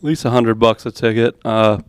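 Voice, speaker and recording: A man's voice: medium pitch, fairly even intonation, normal speed, smooth, no echo. A man, a podcast guest, explaining things casually with hesitant fillers. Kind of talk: casual chat.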